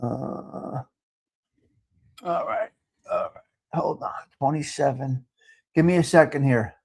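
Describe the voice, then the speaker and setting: A man's voice: medium pitch, slow, vocal fry, darkish tone, slightly rough. A man hosting a live stream, chatting casually and answering viewer comments in a brash, talkative way. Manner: brash, talkative, mixes in Italian phrases.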